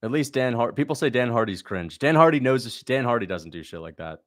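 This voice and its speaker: A man's voice: mid-range voice, animated, fast. A young man hosting a livestream, chatting casually, blunt and sarcastic as he reads out viewer questions and mocks what he sees. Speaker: livestream host reacting to a fight.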